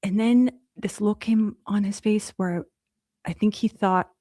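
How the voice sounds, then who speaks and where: A woman motivational speaker giving a livestream talk, with a mid-range voice that is neither high nor low. She tells her story with energy and speaks straight to her viewers, often restarting her phrases. The sound is dry and close, with no room echo. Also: steady tone, unhurried, dark tone.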